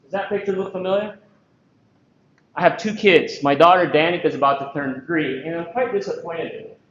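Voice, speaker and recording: A man from the Philippines with a high voice works a conference hall, lively and quick to joke, firing rhetorical questions at the crowd. His voice rings through a very echoey room. The recording sounds dull, with a faint hiss underneath. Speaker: conference speaker. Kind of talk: energetic conference presentation.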